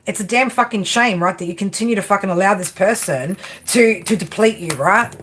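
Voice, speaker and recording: A woman's voice: medium pitch, a little fast, a bit bright, husky. A woman giving a blunt, profane tarot reading, exasperated and constantly asking "right?". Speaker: tarot reader. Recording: noisy background.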